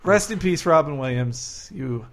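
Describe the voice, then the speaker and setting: A man's voice: on the high side, animated, unhurried. A man co-hosting a podcast, chatting with enthusiasm and lots of "like" fillers. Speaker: podcast co-host. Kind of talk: casual podcast chat.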